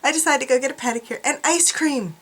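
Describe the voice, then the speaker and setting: Woman vlogger, higher voice, chatty, self-mocking, laughs often, at home. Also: fast, a bit bright. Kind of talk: casual chat to camera. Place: room at home.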